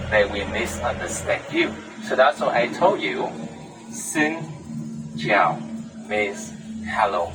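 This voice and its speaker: A man with a Vietnamese accent, a tour guide explaining things to tourists in halting English full of "uh" fillers, inside a tour bus. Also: fairly low pitch. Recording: from a distance on a bus, music behind.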